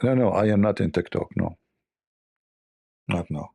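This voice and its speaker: A man's voice: deep voice, measured pace, creaky, mellow, husky. A man from the Middle East with an Arabic accent, hosting a casual livestream chat and telling rambling, joking stories full of "you know". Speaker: livestream host.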